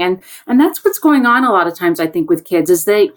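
A woman's voice: mid-range voice, moderate pace, few pauses. A woman on a remote video call, a guest telling a classroom story in a chatty way and acting out the voices of the people she quotes. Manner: animated, acts out quoted voices. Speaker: education guest on a panel. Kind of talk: conversational storytelling.

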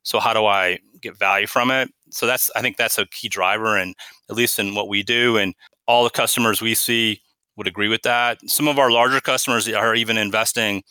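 A middle-aged man, a company's chief product officer, answering interview questions in a measured, explanatory way and often restarting phrases. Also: lowish voice, steady tone, bright, forceful tone, clean tone, no room sound.

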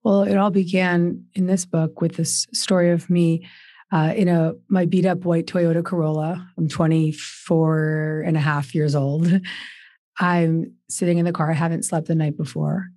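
A woman's voice: on the low side, level tone, measured pace, warm tone, no echo, clean studio sound. A woman in her forties, a guest author on a podcast, telling her personal story earnestly with emphatic repeated questions.

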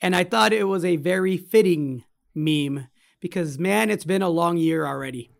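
A man in his early forties hosts a casual podcast, leaning on key words and slowing down to make a point. His voice sits a little high for a man and carries a gravelly rasp. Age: 40s. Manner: emphatic, deliberate delivery. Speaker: podcast host.

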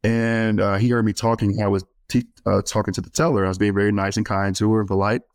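A man with a very low, deep voice tells stories earnestly on a podcast, with some ums and restarts along the way. The recording is dry and close, with no room sound. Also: flat delivery, fast talker, dry recording. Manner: earnest storyteller, many fillers and restarts. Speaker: guest speaker and author working with student athletes. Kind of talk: conversational podcast interview.

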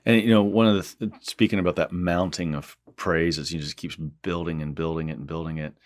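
A man's voice: sits low, steady tone, fairly quick, no room sound. A man hosting a conversational interview, reflective and rambling as he talks. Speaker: host.

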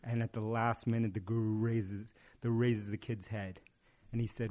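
Man, low voice, casual chat, storytelling, voices the characters. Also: flat delivery, moderate pace, mellow. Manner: tells parables with acted-out dialogue.

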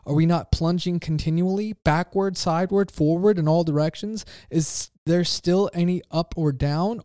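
A man's voice: fairly high pitch, warm tone, dry recording, clean studio sound, voice pushed up, natural voice. A man reading as a frantic madman crying out. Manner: declaiming, urgent questions.

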